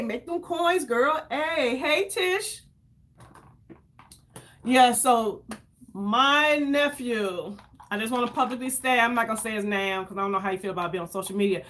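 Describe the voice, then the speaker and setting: A woman's voice: on the high side, fairly bright tone. A woman in her fifties chatting casually on a livestream while doing her makeup, effusive and greeting viewers by name. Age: 50s.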